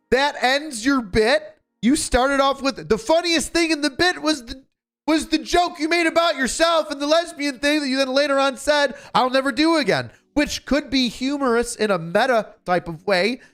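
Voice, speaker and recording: A man's voice: very high-pitched, a bit bright. Sarcastic ranting man with music behind. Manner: exasperated, sarcastic ranting with frequent filler words and swearing. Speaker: streamer reacting to a comedy special. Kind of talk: casual reaction commentary.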